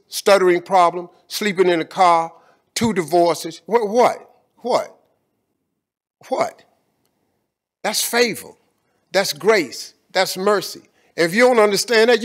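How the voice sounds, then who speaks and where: Man, slightly high-pitched, emphatic, colloquial, repetitive preacher cadence, guest on stage. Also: a bit bright. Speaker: guest speaker. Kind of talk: on-stage conversation.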